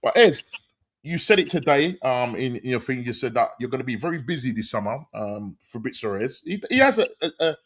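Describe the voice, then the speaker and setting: Excitable football podcast host. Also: male voice, medium pitch, brisk. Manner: excitable, repeats shout-outs. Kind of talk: casual football chat.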